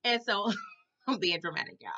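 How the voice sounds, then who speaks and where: A woman's voice: medium pitch, animated, moderate pace, pushed and bright, highs cut off. A woman giving a casual, dramatic recap of a TV episode, often tagging her lines with "okay?" and "all right?".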